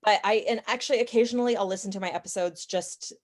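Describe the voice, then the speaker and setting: A young adult woman chatting as a podcast guest, opinionated and talkative, with quick asides and self-corrections. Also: medium pitch. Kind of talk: casual interview chat.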